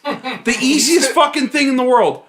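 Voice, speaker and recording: A man's voice: very high voice, measured pace, a bit bright. A man co-hosting a podcast who rants in casual chat, emphatic and exasperated, with heavy swearing. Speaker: podcast co-host.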